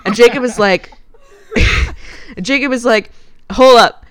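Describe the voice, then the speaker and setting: A woman's voice: a little high, slow, a bit bright, slight background noise. A woman co-hosting a casual podcast, retelling a movie plot and acting out the characters' lines with frequent laughs. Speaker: podcast co-host.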